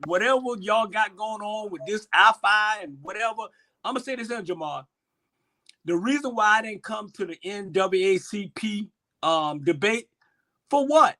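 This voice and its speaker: Male guest, high voice, impassioned and rising to outbursts. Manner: impassioned, swings loud and soft, repeats himself. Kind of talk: impassioned casual talk.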